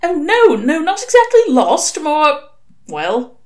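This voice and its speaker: A woman's voice: wildly swooping pitch, slow, full character voice. A woman voicing a fussy, anxious male angel who frets and apologizes. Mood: fretful. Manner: worried, apologetic, higher than her narration.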